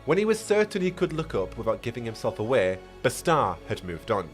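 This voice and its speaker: Animated man reading a story on stream. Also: medium pitch, a little fast, soft background music. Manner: stumbles and rereads, chatty asides.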